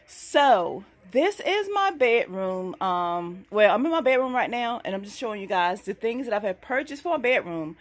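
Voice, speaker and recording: A woman chatting excitedly to her viewers in a casual vlog, at times speaking from farther off the mic. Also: mid-range voice, moderate pace, few pauses. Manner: excitable, addresses viewers as y'all. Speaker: couponing vlogger. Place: inside a store, then at home.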